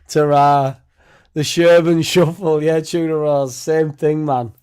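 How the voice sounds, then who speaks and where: A man's voice: a little high, steady tone, slow pace, a little mellow, clear, resonant tone. A young man hosting a casual fan livestream, laughing often, swearing freely and rambling as he reacts and thanks viewers. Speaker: fan channel host.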